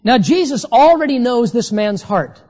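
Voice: mid-range voice, animated, warm tone. Emphatic preacher in a reverberant hall. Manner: emphatic, slows down to stress key phrases. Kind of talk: sermon.

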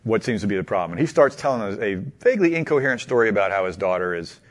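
A man telling a long anecdote to a small group in a casual, halting way, asking them questions along the way. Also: lowish voice. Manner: animated, halting, many restarts and laughs. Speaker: teacher leading a group discussion.

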